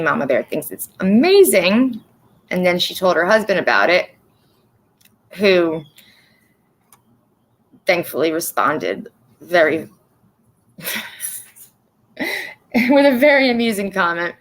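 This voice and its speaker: A woman's voice: lowish voice, fairly bright tone, poor audio. A sleep-deprived woman hosting a casual livestream, rambling candidly, swearing freely and laughing at herself. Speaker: livestream host.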